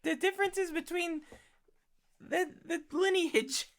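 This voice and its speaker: A man doing a high-voiced gushing woman fan. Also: steady tone, takes it slowly, gravelly, a bit bright, echoey room, heavily acted. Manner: high-pitched, mock-enthusiastic. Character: woman viewer gushing about the podcast.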